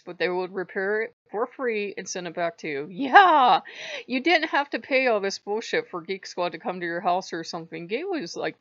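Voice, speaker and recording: A woman's voice: fairly low pitch, vocal fry, no echo. A woman hosting her own channel, talking casually and rambling with many fillers. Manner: rambling, conversational, frequent fillers. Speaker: channel host. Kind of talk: casual spiritual vlog chat. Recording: dull lo-fi dry audio.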